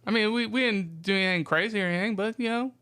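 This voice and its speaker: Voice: mid-range voice, fast, bright, forceful tone, smooth. A podcast co-host chatting casually, joking and egging on the other host.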